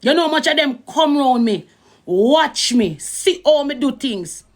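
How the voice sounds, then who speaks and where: A woman's voice: high voice, lively intonation, unhurried. Middle-aged Jamaican woman streamer, casual emphatic rant. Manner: emphatic, repeats "you understand" often. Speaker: social media streamer.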